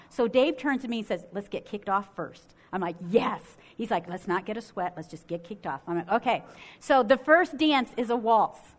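A middle-aged woman from Michigan preaching a sermon, telling a story in an animated way and acting out what people said. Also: fairly high pitch, normal speed. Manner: animated, acts out quotes with swings in loudness.

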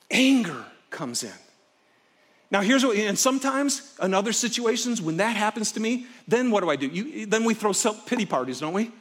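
A middle-aged man preaching a sermon from a stage, telling personal stories expressively and swinging from loud excitement to hushed intensity. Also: extremely high pitch. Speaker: pastor. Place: stage before a live congregation.

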